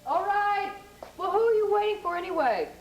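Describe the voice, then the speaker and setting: An actress playing a sweet, doting nanny in a soap opera, sing-song with a child. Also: female voice, very high-pitched, expressive, moderate pace, dull audio.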